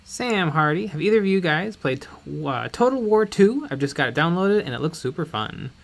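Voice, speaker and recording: A man's voice: on the high side, very animated, normal speed, gravelly, a bit bright. Joking man reading out viewer chat. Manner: joking, reads chat names aloud. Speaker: co-host of a painting stream. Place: home studio while painting.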